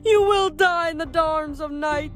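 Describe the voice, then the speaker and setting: A woman putting on a shrill, snarling goddess of misery. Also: unhurried, music in the background. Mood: menacing. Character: vicious ancient goddess of misery, female, bloodthirsty.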